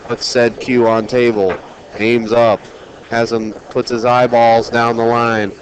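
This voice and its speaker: A man's voice: mid-range voice, little pitch movement, slow, noisy background. A man co-hosting a pool stream, playful and jokey, reading viewer comments aloud between shots. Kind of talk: joking live pool commentary.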